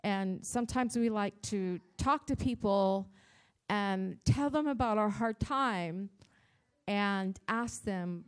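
A woman giving a devotional church talk, telling a personal story in an animated, dramatic way, with her voice jumping up in pitch and loudness. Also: slow, smooth. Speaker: church speaker.

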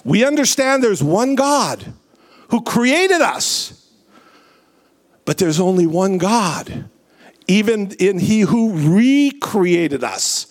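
Slow preacher guy, highish voice that swings all over, drawing out every line. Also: very animated. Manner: preaching with slow drawn-out phrasing and big swings in pitch. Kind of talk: sermon.

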